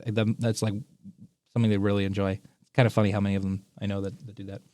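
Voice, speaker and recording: A man's voice: fairly low pitch, flat delivery, fast talker, dark tone, dry recording, studio quality. A man co-hosting a show in casual chat. He is easygoing and laughs along with the others.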